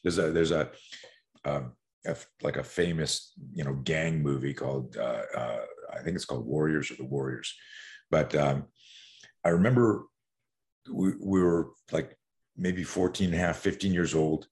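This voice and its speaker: A man's voice: a bass voice, steady tone, moderate pace, darkish tone. A man from Canada, a guest who coaches people on fear, telling stories in a rambling, profane way with many restarts. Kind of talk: casual interview storytelling.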